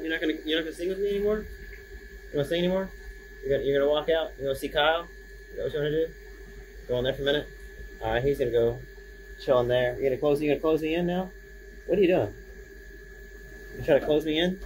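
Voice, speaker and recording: A man's voice: on the high side, darkish tone, slight background noise, poor audio. A man making a casual birthday video at home, rambling, singing and coaxing his pet.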